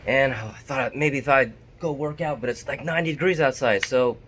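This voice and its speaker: A man vlogging straight to his camera in an unhurried, candid ramble, poking fun at himself as he goes. His voice sits at an ordinary middle pitch, and a faint hiss runs underneath. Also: a bit bright. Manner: candid, chatty, self-deprecating. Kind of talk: casual talk to camera.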